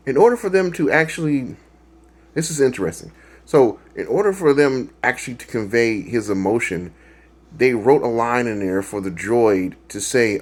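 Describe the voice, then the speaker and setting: A man's voice: medium pitch, sing-song, unhurried, darkish tone, breathy edge. A man hosting a reaction video, talking in a rambling, casual way with lots of fillers and restarts and laughing at his own jokes.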